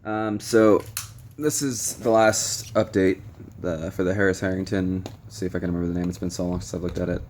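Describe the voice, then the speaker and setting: A man's voice: sits low, steady tone, brisk, a little mellow, slight background noise. A young man vlogging recovery advice in a frank, rambling way with many ums and some blunt swearing. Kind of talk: casual direct-to-camera monologue. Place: noisy room with stray tapping and beeping.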